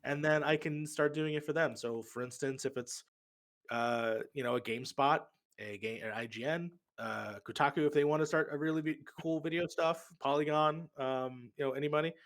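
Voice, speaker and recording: A man's voice: on the high side, steady tone, moderate pace, a bit bright. A man talking as a podcast guest in casual chat, rambling and correcting himself as he goes.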